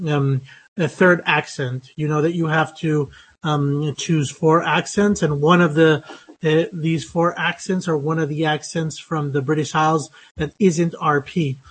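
A man giving a recorded lecture to students, halting often with fillers and restarts. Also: on the high side, husky, rough recording. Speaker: university lecturer.

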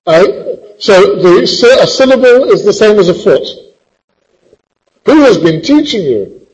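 A man's voice: sits high, big pitch swings, a little slow, a little mellow, husky, rough recording. A man teaching a poetry class, quizzing the students with a teasing, theatrical, impatient manner.

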